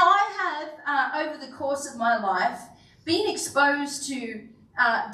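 High-voiced woman preaching slowly in an echoey hall. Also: fairly bright tone. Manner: earnest, storytelling, with self-deprecating asides. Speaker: pastor. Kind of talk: sermon. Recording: echoey church hall, voice from a distance, faint room hum.

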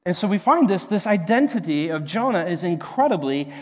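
Young pastor guy, kinda high voice, rambly storytelling with lots of ums, big echoey church. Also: expressive, a little fast, darkish tone. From Nebraska. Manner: chatty storytelling with many fillers and restarts. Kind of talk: sermon with personal story.

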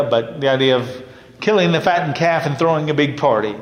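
A man's voice: medium pitch, brisk. A male minister giving a sermon in an earnest, conversational way, now and then laughing lightly. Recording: long hall reverb.

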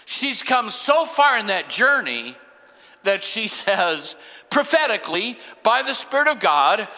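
Older man, pastor, sermon, high bright voice, dramatic slow emphasis, reverberant church hall. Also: sing-song. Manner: dramatic pauses and slowed emphasis.

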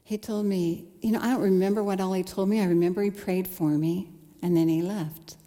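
A woman's voice: mid-range voice, steady tone, a little fast, dark tone. A woman in her forties giving an earnest testimony sermon, acting out her own past thoughts as she tells the story. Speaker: speaker. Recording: long hall reverb.

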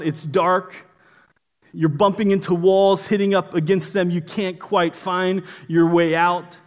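A man preaching a sermon in an earnest way, often stumbling and repeating words as he starts a phrase. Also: sits high.

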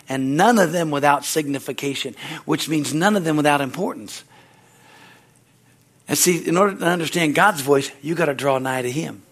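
A male pastor with a higher-pitched voice preaches conversationally, asking his congregation "Amen?" again and again. He acts out quoted voices and moves between loud climaxes and soft passages.

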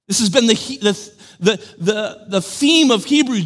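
A man preaching a sermon as pastor, swinging from loud, emphatic lines to hushed, near-whispered ones with long pauses in between. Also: sits high, animated, in a large hall. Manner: slow, deliberate delivery with long dramatic pauses.

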